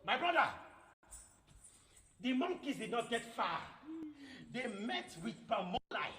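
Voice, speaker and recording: A male storyteller performing a folk tale at a live library event, switching between dramatic telling and rhythmic chants. His voice is high and lively, ringing through an echoey hall with a long tail and faint noise. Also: unhurried. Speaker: guest storyteller.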